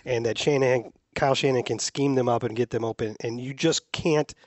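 A man hosting a casual sports panel chat, opinionated and measured, laughing easily. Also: medium pitch, dry recording. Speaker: sports podcast host.

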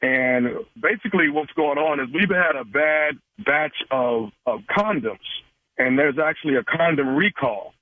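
A hesitant, apologetic store manager, played by a man calling through a tinny phone line. The voice sits a touch high for a man, dry and close. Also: animated, measured pace, dry recording. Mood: calm. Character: polite male store manager caller.

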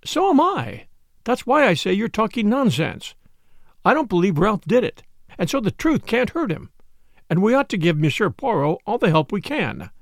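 A man voicing a brisk, gossipy middle-aged spinster sister who speaks in a complacent, self-important, knowing way. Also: high voice, big pitch swings, creaky, no room sound, studio quality, voice pushed up, heavily acted. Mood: self-satisfied. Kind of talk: audiobook character voice.

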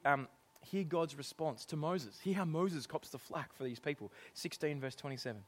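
Lively, high-voiced male preacher. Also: moderate pace. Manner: animated, laughs often, acts out exasperated quotes. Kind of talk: sermon.

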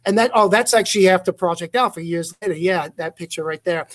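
High-voiced man with a blended accent. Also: quick pace. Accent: mixed English, South African and American. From England. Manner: rambling, storytelling, self-correcting. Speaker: guest magician. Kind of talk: casual video-call interview.

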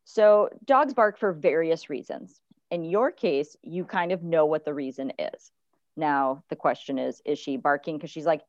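Lively woman dog trainer. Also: unhurried, no echo, lo-fi sound. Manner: animated, acts out dogs' thoughts in high voices. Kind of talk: advice podcast chat.

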